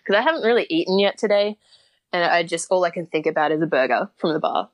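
Chatty Australian woman, low voice. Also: fast talker, no echo. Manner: chatty, laughs often, many fillers. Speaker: guest. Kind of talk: casual storytelling interview.

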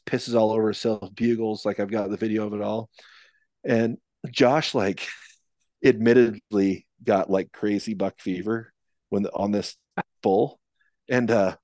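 A man's voice: on the low side, darkish tone, dry recording. A man telling a long story in casual podcast conversation, rambling with many restarts and fillers. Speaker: podcast guest, elk hunter.

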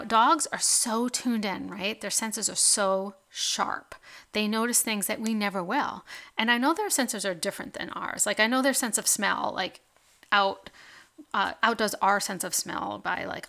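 A woman's voice: medium pitch, vocal fry, bright, forceful tone. A woman hosting her own podcast in a casual monologue, chatty and full of "like" and tag questions such as "right?" and "okay?". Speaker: podcast host.

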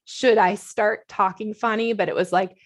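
This middle-aged podcast co-host speaks in a mid-range voice at a moderate pace. On a casual chat show, she laughs a lot while telling animated stories.

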